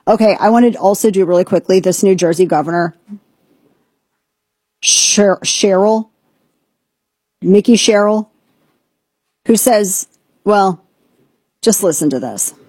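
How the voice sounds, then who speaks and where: A woman hosts a talk show in a brash, sarcastic way. Her voice is mellow and a little husky. The sound is dry and close, with no room around it. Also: medium pitch, unhurried, long pauses, no echo. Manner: brash, sarcastic, mocking impressions. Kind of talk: opinionated radio talk.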